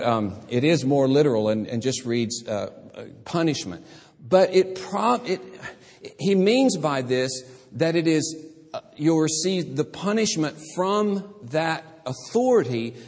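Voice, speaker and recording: A man's voice: medium pitch, darkish tone. A man preaching as a pastor, teaching carefully through a Bible passage and often restarting his words. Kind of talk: expository sermon. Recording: husky voice in a reverberant hall.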